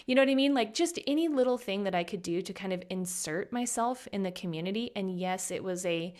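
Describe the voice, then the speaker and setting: Animated, emphatic woman podcast host. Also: mid-range voice, brisk, hardly any pauses. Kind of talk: conversational interview.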